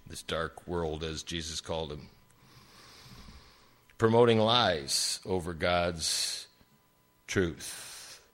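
An older man preaching a sermon, telling stories with big swings in pitch for emphasis. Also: a bit bright.

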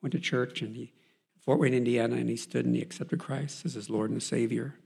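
Man, faith testimony, earnest storytelling, gravelly edge, husky voice. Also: medium pitch, steady tone, fairly quick, darkish tone. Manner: earnest storytelling with many fillers and restarts. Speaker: person giving a Christian testimony.

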